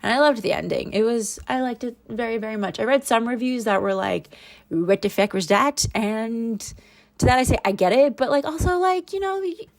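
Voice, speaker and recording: A chatty young planner vlogger rambles through her week in a casual voiceover, self-deprecating all the while. Her voice is on the high side, expressive, brisk, gravelly, and darkish, recorded on a home voiceover mic.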